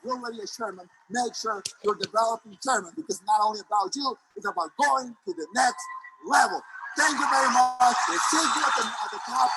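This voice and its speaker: A man giving an energetic motivational stage speech at a sales convention, repeating phrases for emphasis. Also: very high voice, heavy background noise. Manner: acts out quotes, sometimes shouting.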